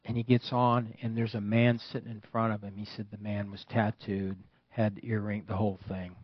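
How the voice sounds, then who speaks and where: Older male preacher, lively storytelling sermon, flat dull dry sound. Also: on the low side, moderate pace, no echo. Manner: storytelling preacher, swings from hushed to loud exclamations. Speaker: pastor.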